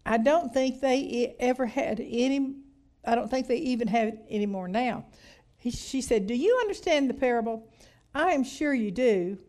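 A woman's voice: a little high, a little mellow. A middle-aged woman teaching a women's Bible study, reading from a book and commenting with hallelujahs. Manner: reads aloud from a book and comments, with frequent hallelujahs and laughter.

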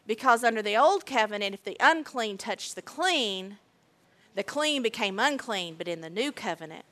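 A woman preaching a sermon, emphatic and deliberate, repeating key phrases. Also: medium pitch, expressive, a bit bright.

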